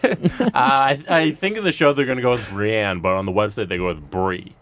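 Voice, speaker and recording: A man's voice: lowish voice, moderate pace, fairly bright tone, dry recording. A man co-hosting a podcast, chiming in with short, matter-of-fact remarks. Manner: brief interjections, matter-of-fact. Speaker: podcast co-host. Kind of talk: casual chat.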